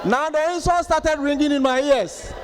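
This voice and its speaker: A Ghanaian man in his thirties performs stand-up comedy in an unusually high voice. He tells his stories with animation and acts out other people's outbursts. A faint hiss sits under the recording. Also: moderate pace, crowd noise.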